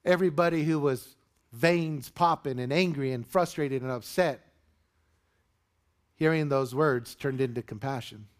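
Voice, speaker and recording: A mid-range male voice moves a little slowly through a sermon. The pastor addresses his congregation in the church sanctuary, telling a story with animation and performing the voices in it.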